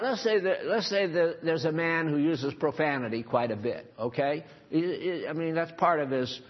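A man preaching a sermon to a congregation, exhorting listeners in an emphatic, stern manner with casual asides. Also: a little high. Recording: dull lo-fi recording.

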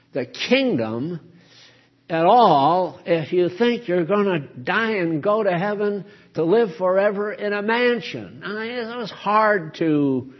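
A man's voice: high voice, dull audio. A man teaching a Bible study sermon, earnest and explaining, leaning hard on key words.

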